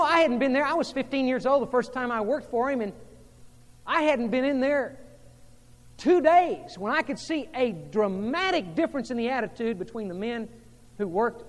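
Male pastor preaching, high voice, hushed then emphatic, long hall reverb. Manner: shifts between hushed intimate tones and emphatic rising delivery. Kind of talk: sermon.

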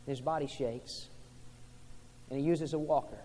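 A man preaching a sermon, dropping to soft, low passages and rising to loud, fervent preaching. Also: fairly even intonation, a little slow, in a large hall.

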